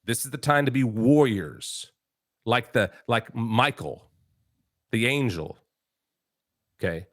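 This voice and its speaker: A man's voice: mid-range voice, dry recording, clean studio sound. A man hosting a political talk show, emphatic and preachy, full of restarts and rhetorical questions. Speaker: show host.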